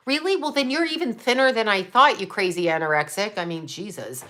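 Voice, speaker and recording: A woman's voice: a little high, animated, fairly bright tone. A middle-aged woman from Canada ranting bluntly and profanely in a casual livestream. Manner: blunt, profane, fast-shifting rant with laughs. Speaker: livestream host.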